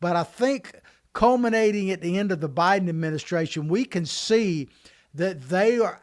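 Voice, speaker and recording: A man co-hosting a political podcast, talking emphatically in an animated way. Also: high voice. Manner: animated, emphatic, quick restarts. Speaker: podcast co-host.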